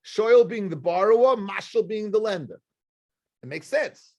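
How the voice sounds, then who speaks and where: High-voiced rabbi teaching Talmud. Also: male voice, measured pace, muffled recording. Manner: repetitive, emphatic explaining with questions to the class. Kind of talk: live Talmud lesson to students.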